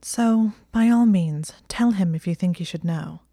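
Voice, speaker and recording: A woman's voice: lowish voice, unhurried, mellow, no room sound, clean studio sound. A woman voicing a clever, stubborn teenage witch girl who speaks in an earnest, clipped, defensive way.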